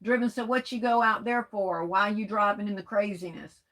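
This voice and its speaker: A woman's voice: mid-range voice, fairly even intonation, moderate pace, fairly bright tone, poor audio. A woman hosting a casual live stream, reading viewer comments aloud and answering them with pet names like baby and sweetheart in loose, folksy talk.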